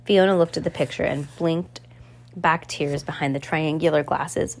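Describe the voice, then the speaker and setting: A woman's voice: low-pitched, fairly even intonation, moderate pace. A woman reading a children's novel aloud, casual, correcting her own slips as she goes. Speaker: audiobook reader.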